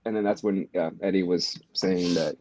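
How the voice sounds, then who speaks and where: A man's voice: deep voice, fairly even intonation, moderate pace, a little mellow, no room sound. A man co-hosting a podcast, chatting in a laid-back way, laughing often and swearing casually. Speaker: podcast co-host. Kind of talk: casual chat. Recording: dull lo-fi sound.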